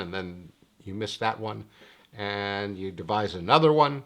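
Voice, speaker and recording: A middle-aged man teaching horse betting in a wry, lecturing way, his pitch swinging up when he gets excited. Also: moderate pace. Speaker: handicapping teacher. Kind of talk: screen-share explainer monologue.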